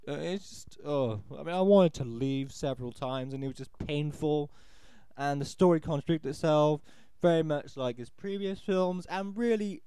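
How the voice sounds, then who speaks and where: Exasperated man ranting, lively pitch. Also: no room sound. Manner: exasperated, sarcastic, rambling with restarts. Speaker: amateur film reviewer. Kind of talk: ranting audio film review.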